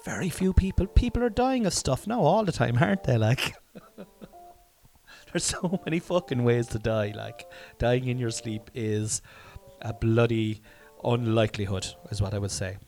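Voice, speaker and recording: A man's voice: mid-range voice, lively intonation, a little slow, a little mellow, faint music behind. A man in his forties musing aloud in a casual, rambling monologue, self-mocking and swearing freely. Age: 40s.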